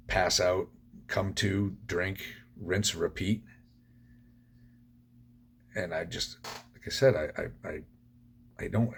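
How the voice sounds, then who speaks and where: A man's voice: deep voice, gravelly, breathy edge. A man hosting a podcast, telling his own recovery story in a blunt, profane way. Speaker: podcast host.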